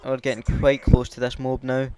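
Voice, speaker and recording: A man's voice: mid-range voice, monotone, brisk, clear, resonant tone. A Scottish man giving casual, hesitant commentary over his gameplay, with lots of filler ums. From Scotland. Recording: loud game gunfire behind.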